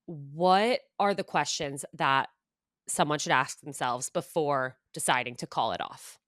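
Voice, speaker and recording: A woman's voice: low voice, a little slow, fairly bright tone, no room sound, clean studio sound. A woman hosting a podcast, asking her guest questions in a supportive way. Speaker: podcast host. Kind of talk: podcast interview.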